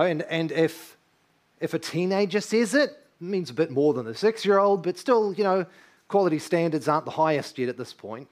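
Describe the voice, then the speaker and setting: A man in his thirties preaching a sermon, earnest and emphatic, often asking his listeners rhetorical questions. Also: a little high. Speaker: pastor.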